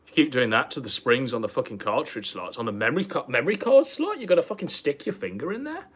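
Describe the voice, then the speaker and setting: Brief: breathless male streamer, crude mocking commentary, animated voice. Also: medium pitch, fast, husky. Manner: loud, crude, mocking, swears often. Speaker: streamer watching and mocking a video. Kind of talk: casual profane commentary.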